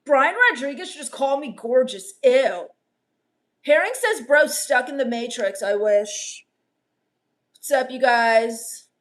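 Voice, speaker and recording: Woman doing a goth teen vampire, high-pitched, deadpan, sarcastic, scornful, live-stream comedy. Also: slow pace. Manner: deadpan, sarcastic, dismissive put-downs. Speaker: live streamer reading chat.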